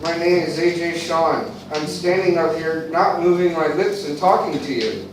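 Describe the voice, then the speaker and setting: High-voiced American man teaching from afar. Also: noisy background. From eastern United States. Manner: slow, deliberate drilling with repetition. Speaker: English teacher. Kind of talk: classroom teaching. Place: classroom. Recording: echoey classroom from far off.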